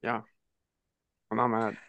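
A man's voice: fairly low pitch, monotone, slow pace, creaky, a bit bright, no echo. A man chatting as a guest on a podcast, hesitant and understated with a dry humor. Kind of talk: casual chat.

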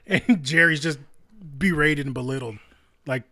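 A man's voice: a little fast, fairly bright tone. A man co-hosting a podcast, chatting casually, rambling and laughing often. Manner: laid-back, rambling, laughs often, quotes cartoon lines in a high put-on voice. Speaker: podcast co-host. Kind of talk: casual chat.

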